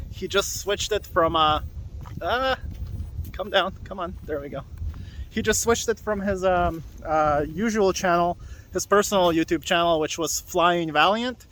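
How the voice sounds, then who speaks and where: A man's voice: sits high, bright, forceful tone, a little hiss or hum. Breathless young man vlogging in the woods. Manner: loose and chatty, full of fillers and restarts. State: slightly out of breath from walking. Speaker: hot wheels vlogger. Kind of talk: rambling casual vlog talk. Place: alone outdoors in a forest.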